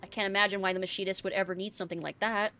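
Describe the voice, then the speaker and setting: A woman's voice: mid-range voice, fairly even intonation, very fast, sharp tone. A polite, guarded librarian who keeps calling you dearie, read aloud by a woman streaming a game. She sounds sweet but cagey, with faint music behind her. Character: prim, cagey middle-aged woman librarian. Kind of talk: reading game dialogue aloud.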